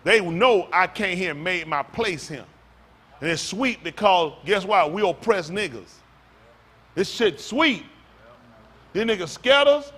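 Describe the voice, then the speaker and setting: High, bright-voiced preacher man. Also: expressive, a little slow, long pauses. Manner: loud, rhetorical, questions the congregation. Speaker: pastor. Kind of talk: sermon with audience back-and-forth. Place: congregation hall.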